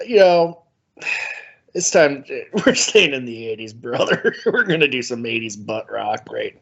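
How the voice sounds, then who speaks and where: A man's voice: mid-range voice, animated, measured pace, gravelly, fairly bright tone. A man co-hosting a podcast in laid-back, joking banter, peppered with "man" and "brother," on dull lo-fi audio. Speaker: podcast co-host.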